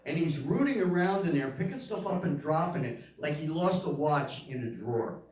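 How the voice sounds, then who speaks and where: A man's voice: a little high, animated, normal speed, darkish tone. An older man doing a stand-up comedy routine, telling punchy stories and acting out the voices of the people in them. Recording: very echoey room, mic at a distance.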